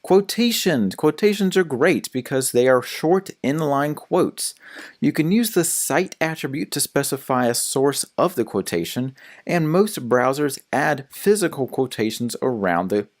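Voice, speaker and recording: A man's voice: medium pitch, lively intonation, a little slow. A young adult man narrating a recorded lecture on web development in a plain explanatory way, with a few small restarts.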